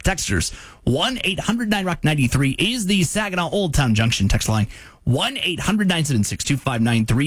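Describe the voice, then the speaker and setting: A man hosting a morning rock radio show, reading promos and ads in a brisk announcer style. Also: mid-range voice, no room sound, clean studio sound. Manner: brisk announcer delivery, laughs easily. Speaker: radio host.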